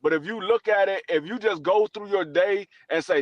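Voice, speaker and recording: A man's voice: high-pitched, normal speed, no echo. A man on a casual podcast giving earnest, motivational advice and repeating his points. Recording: dull dry lo-fi sound.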